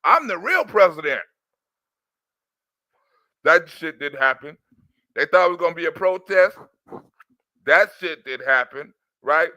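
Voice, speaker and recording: A man's voice: fairly high pitch, normal speed, long pauses, no room sound. Man with a slightly sore voice, ranting. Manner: animated, loose and talkative, with crude asides. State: slightly sore voice after a cough. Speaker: channel host. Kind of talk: casual political rant to viewers.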